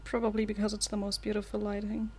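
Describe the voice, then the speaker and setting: A woman's voice: medium pitch, completely flat delivery, fast talker, a little mellow, slight background noise. Playful, teasing woman podcaster. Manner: teasing, playful, laughs often. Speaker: podcast co-host. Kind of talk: casual chat.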